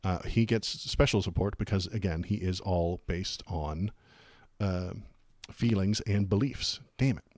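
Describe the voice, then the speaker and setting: A man's voice: sits low, a little slow, a little mellow, no room sound, clean studio sound. A man hosting a live political stream, reacting in casual, rambling commentary that turns sarcastic and slips into muttered curses.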